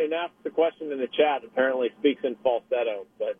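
A man calls in to a sports radio show from his car, and his husky voice comes through a thin, phone-line sound. He talks hockey casually and laughs easily, often backing up to restart a thought. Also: mid-range voice. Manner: chatty, quick to laugh, restarts his sentences. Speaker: newspaper hockey reporter, radio guest. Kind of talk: casual analytical chat. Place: driving in a car. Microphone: phone call.

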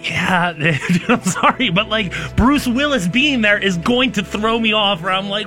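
Male radio sidekick, sharp bright tone, sarcastic banter. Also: sits high, a little slow, hardly any pauses, faint music behind. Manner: teasing, dry, laughs off the other host. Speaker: radio show co-host. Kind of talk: casual studio banter. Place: radio studio.

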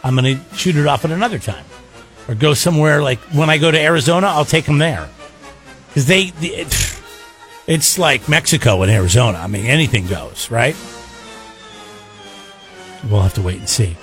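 A man's voice: medium pitch, normal speed, pauses often, soft background music. A man co-hosting a morning radio show, bantering casually and jumping into comic voices. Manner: animated, breaks into comic put-on voices. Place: radio studio. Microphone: studio microphone.

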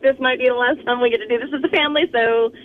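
A woman in her forties calling in to a radio show, chatting warmly and laughing often. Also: on the high side, steady tone, racing. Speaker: caller. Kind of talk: casual phone-in chat. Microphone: phone. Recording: tinny phone line with faint noise.

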